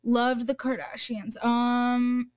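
A young adult woman guest on a podcast, talking in an animated, emphatic way and swearing casually. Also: fairly high pitch, slow pace, clean tone, no room sound, studio quality. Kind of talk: casual chat.

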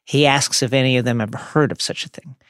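A man's voice: medium pitch, steady tone, fairly quick, a bit bright, no room sound, studio quality. A man co-hosting a podcast, recapping a book chapter as wry storytelling with playful asides. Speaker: podcast co-host.

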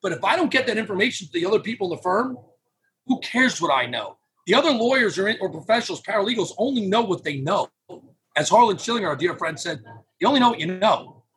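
A man speaking as a podcast guest in casual interview talk, animated and acting out what his clients say. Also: high-pitched, quick pace. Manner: animated, acts out clients' quotes. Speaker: podcast guest, phone number business owner.

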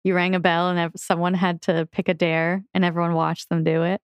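A woman's voice: on the low side, flat delivery, fairly quick, clean tone, no echo. A woman co-hosting a podcast in casual chat, tossing in skeptical questions and quips. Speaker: podcast co-host.

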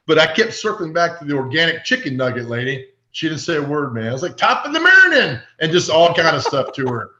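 Bright-voiced man telling stories, echoey. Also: a little high, quick pace, hardly any pauses. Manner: animated, acts out quoted voices. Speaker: podcast guest. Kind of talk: casual storytelling chat. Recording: echoey, dull lo-fi.

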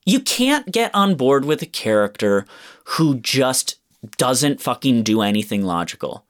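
A man's voice: mid-range voice, big pitch swings, unhurried. A man in casual chat, animatedly ranting about a movie with lots of swearing and acted-out quotes. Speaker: podcast co-host reviewing a film.

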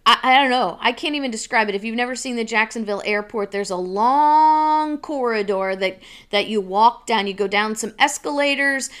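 A woman's voice: a little high, a bit bright, clear, resonant tone. A woman hosting a show, telling an exasperated, emphatic story and then explaining a legal argument. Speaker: show host.

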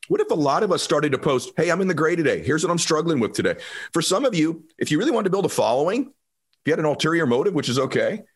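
A man's voice: fairly high pitch, big pitch swings, quick pace, slightly rough. A man hosting a podcast interview, encouraging and preachy, who often backs up his guest with short replies. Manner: encouraging, preachy, backchannels a lot. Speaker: podcast host.

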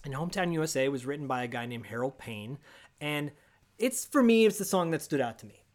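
A man co-hosting a casual podcast, telling a long story with lively asides and quoted voices. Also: on the high side, fairly quick. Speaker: podcast co-host. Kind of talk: casual chat.

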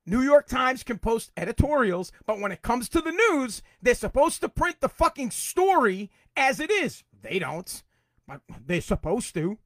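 A man hosting his own podcast, ranting angrily about politics, swearing and repeating himself, at times breaking into shouts. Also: extremely high pitch, very animated, measured pace, no echo, clean studio sound. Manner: angry, profane, repetitive, shouts in bursts. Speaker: podcast host. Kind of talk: political rant.

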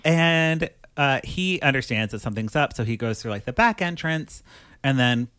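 A man's voice: medium pitch, expressive, normal speed, fairly bright tone, clear, resonant tone, no room sound, studio quality. A man co-hosting a podcast, recapping a movie in casual chat, rambling and acting out the characters' lines. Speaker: podcast co-host.

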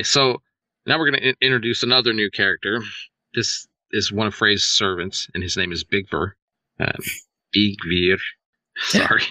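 A man hosting a casual chat, retelling myths in an animated way, swearing and laughing often. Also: fairly low pitch, dry recording, poor audio. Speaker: podcast host, storyteller.

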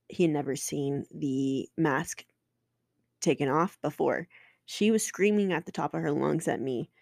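A woman's voice: low voice, moderate pace, gravelly, darkish tone, no room sound, clean studio sound. A woman in her twenties, a podcast host telling a personal story candidly and emotionally, swearing and restarting often.

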